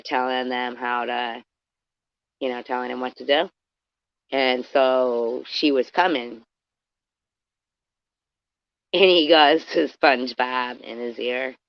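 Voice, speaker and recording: A woman rambles through a casual live-stream chat with her viewers, cursing freely and calling out people in the chat by name. Her voice has a gravelly fry to it. The sound is dry and a bit dull, like lo-fi stream audio. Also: extremely low pitch, no room sound.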